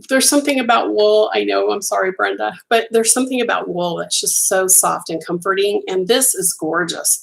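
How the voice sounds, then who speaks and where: Chatty woman crochet host, slightly hoarse. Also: mid-range voice, low-quality recording. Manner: chatty, enthusiastic, admiring, talks to viewers by name. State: losing her voice, clearing her throat. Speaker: crochet designer hosting a live stream. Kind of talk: casual live-stream chat.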